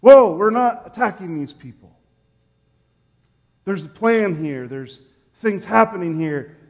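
A man preaching, voicing a calm, kind male teacher who corrects gently and speaks softly, in an echoey church hall. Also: high voice, slow, exaggerated voice. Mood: firm.

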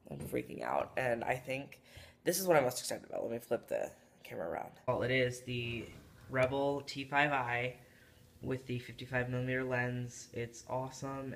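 A young woman chatting casually in a home vlog, gushing with excitement as she talks to the camera. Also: extremely low pitch, a little hiss or hum. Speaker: vlogger. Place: home, indoors.

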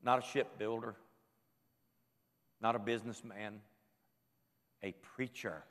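An older man preaching a sermon at a camp meeting, moving emotionally between quiet reflection and loud, fervent exhortation. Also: on the low side, steady tone, slow pace, long pauses. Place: large hall at a church camp meeting. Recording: reverberant hall.

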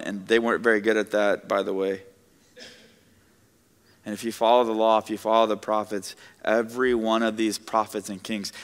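A male pastor delivers a sermon to his congregation, his voice bright and forceful. He preaches conversationally and slips in joking asides. The sound rings with a long church-hall reverb. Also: on the low side. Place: church sanctuary with audience.

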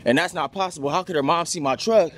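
A man's voice: on the high side, fast. A man vlogging in a frantic, pleading and outraged way, swearing often. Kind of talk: frantic vlog monologue. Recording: loud background noise.

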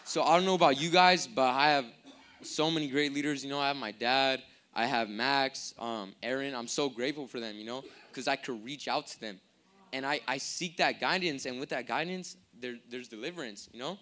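A man's voice: mid-range voice, normal speed, a bit bright. A young man preaching a sermon in a casual, rambling way, full of fillers. He asks the crowd to call words back to him.

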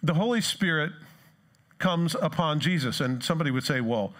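A man's voice: on the high side, moderate pace, a bit bright. A male pastor giving a conversational sermon to a church congregation, reading scripture and putting questions to his listeners.

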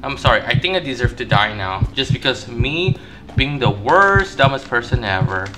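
A man doing gameplay commentary, panicky and self-mocking, repeating words in nervous bursts and shrieking high when caught. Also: lively intonation, normal speed, over loud music. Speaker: gaming YouTuber.

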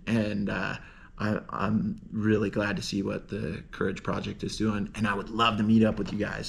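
A man, a snowboarder, telling a personal story in an earnest, rambling way, full of "like" and restarts, and ending with warm encouragement. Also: lowish voice, gravelly. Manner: heartfelt, encouraging. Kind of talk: casual storytelling monologue.

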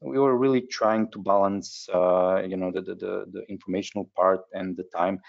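Low-voiced man hosting a webinar, halting. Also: fairly even intonation, creaky. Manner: halting, frequent hesitations. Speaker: webinar host. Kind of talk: webinar presentation. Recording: dull lo-fi webinar audio.

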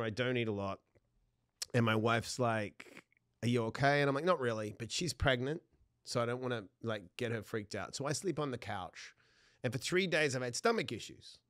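Animated man telling a story. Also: medium pitch, no echo, studio quality. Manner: animated, laughs often mid-sentence; acts out dialogue in his stories. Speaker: podcast guest. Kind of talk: personal storytelling.

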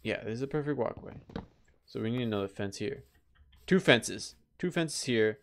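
Guy doing chill game commentary, rambles then squeaks when stuff jumps out, bit of hiss behind. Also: moderate pace. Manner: chatty, excitable, breaks into high-pitched yelps. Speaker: gameplay let's player. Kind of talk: casual gameplay commentary.

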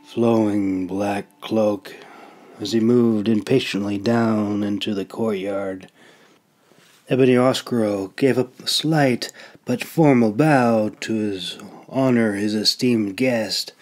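A man narrating a fantasy audiobook in a measured, deliberate reading. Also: lowish voice, fairly even intonation, darkish tone. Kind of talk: storybook narration.

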